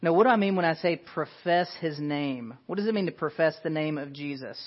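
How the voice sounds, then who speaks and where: A man's voice: fairly high pitch, a little fast. A man preaching a sermon as pastor, earnest and emphatic, asking rhetorical questions. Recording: dull lo-fi sound.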